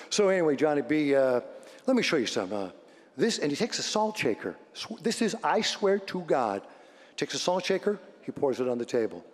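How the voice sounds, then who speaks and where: A middle-aged man, a radio host, giving an energetic storytelling speech to a live audience, swinging from shouts to hushed moments. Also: high voice. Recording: long hall reverb.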